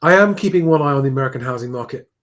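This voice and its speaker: A man's voice: mid-range voice, animated, rapid-fire. A man hosting a casual live stream at home, rambling and chatty as he answers viewer comments, often restarting his sentences. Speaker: livestream host reading viewer comments.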